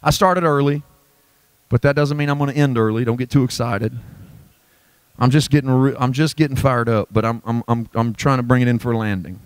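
A middle-aged man preaching a sermon in a church, swinging from shouted, high-pitched peaks to low, quiet reflection. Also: a little fast, clean tone, no room sound. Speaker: pastor.

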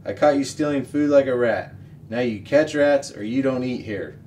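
A man's voice: medium pitch, normal speed, a little mellow, a little hiss or hum, close to an everyday voice. A man reading aloud, voicing a cruel grown man who threatens and barks orders. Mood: threatening.

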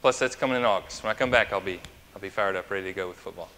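Bright-voiced male pastor in reverberant church. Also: sits low, racing, a little hiss or hum. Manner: chatty and anecdotal, asking the congregation questions. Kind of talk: conversational sermon. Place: church sanctuary.

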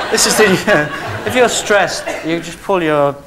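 A man with an English accent, a talk show guest telling comic anecdotes in a camp, giggly way. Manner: camp, giggly, jumps into squeaky high voices for quotes. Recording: studio audience laughing loudly, noisy broadcast.

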